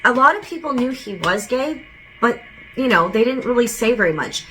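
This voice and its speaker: A woman's voice: a little high, expressive, normal speed, fairly bright tone, slight background noise, rough recording. A woman giving a casual channeled psychic reading, rambling and relaying quotes with frequent "he goes". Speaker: psychic medium.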